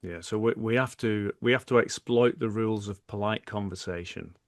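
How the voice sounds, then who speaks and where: A man's voice: fairly low pitch, moderate pace, no room sound, studio quality. A middle-aged man, a podcast guest who explains his methods by acting out example dialogues. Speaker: guest, former hostage negotiator. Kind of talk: podcast interview.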